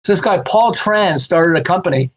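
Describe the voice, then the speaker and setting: A man with a slightly high voice chatting casually as a podcast guest. He tells lively stories and acts out the voices of the people in them. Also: normal speed. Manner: animated, acts out quoted voices with laughs. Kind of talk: casual storytelling chat.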